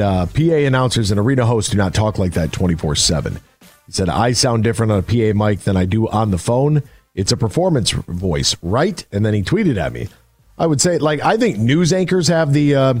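A man's voice: on the low side, darkish tone, dry recording. A man hosting a sports radio show, rambling casually with many fillers. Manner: chatty, rambling, lots of fillers. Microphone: studio microphone.

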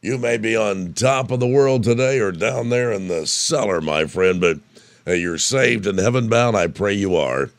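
A man's voice: lowish voice, moderate pace, creaky, dry recording. An older man from Indiana giving a folksy devotional talk, storytelling as he goes, with a voice that is wearing out. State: losing his voice. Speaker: radio preacher.

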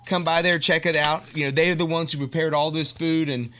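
A man's voice: a little high, fairly even intonation, a little fast, background noise. A man with a Southern accent, a restaurant guest on a radio show, talking casually with many fillers and restarts. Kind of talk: casual promotional chat.

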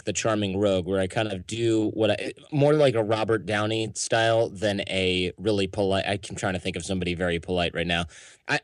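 A man's voice: lowish voice, no room sound, clean studio sound. An American man, a podcast founder, giving candid, opinionated interview answers and acting out quotes. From United States.

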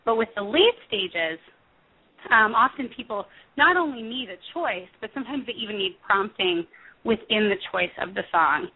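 A woman in her thirties speaks as a guest over a tinny, phone-like line. Her pitch sits in a middle range. She talks thoughtfully, pausing on fillers and correcting herself as she explains her work. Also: animated, slightly rough. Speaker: music therapist guest. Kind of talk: interview answers.

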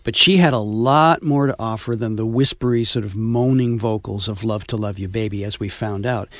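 A man's voice: lowish voice, normal speed, no room sound. Man, radio co-host, easygoing, reads setups, dry sound. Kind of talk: casual chat and scripted setup.

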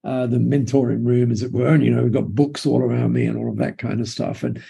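An Australian man tells his story with enthusiasm, his voice gravelly and slightly husky. The tone is dark and mellow, and he speaks as a guest mentor in a conversational interview. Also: medium pitch, steady tone, fast talker.

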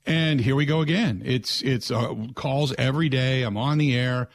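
A man's voice: mid-range voice, moderate pace, no echo. A man hosting a sports talk radio show, chatting casually and ranting in exasperation. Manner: exasperated, ranting, animated storytelling.

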